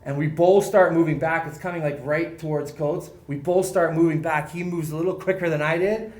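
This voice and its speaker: High-voiced man telling lively stories. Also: a little fast. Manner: laughs often while telling stories, swears casually. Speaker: guest, former hockey player. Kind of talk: animated storytelling in casual chat.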